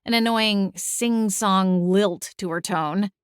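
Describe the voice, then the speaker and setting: A young adult woman narrating a first-person audiobook, expressive and exasperated in the dialogue. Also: mid-range voice, slow, clean tone, no room sound, clean studio sound.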